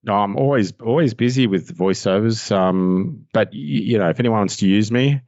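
Rambling Australian man, low voice. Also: moderate pace, dry recording, dull audio. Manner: excitable, rambling, laughs at himself. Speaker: voiceover artist guest. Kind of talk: casual podcast chat.

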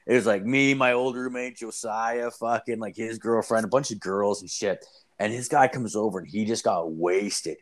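A man's voice: on the low side, normal speed. A young man telling a story in casual, profane, rambling chat, full of fillers.

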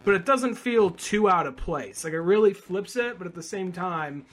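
A man co-hosting a podcast, chatting casually, swearing and acting out quick movie quotes. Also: sits high, lively intonation. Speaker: podcast co-host.

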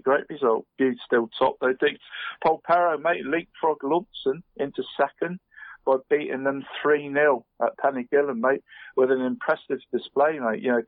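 A man on the radio giving a casual run-through of local football results, halting and restarting, saying "mate" at nearly every turn. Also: medium pitch, no room sound. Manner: chatty, says "mate" constantly, halting restarts. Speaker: radio sports presenter. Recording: phone-line quality radio audio.

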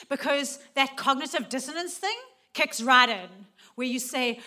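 A middle-aged woman speaks to a church gathering, earnest and personal. Her voice sits fairly high and rings bright and forceful. She moves from loud, laughing lines to soft, hushed ones. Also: moderate pace. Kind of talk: personal testimony talk.

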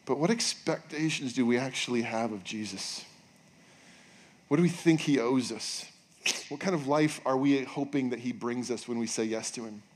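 A male pastor preaching a sermon in a casual, joking way, acting out quotes with bursts of excitement. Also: medium pitch, normal speed. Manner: animated, jokey, acts out quotes in raised voice. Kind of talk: sermon with storytelling.

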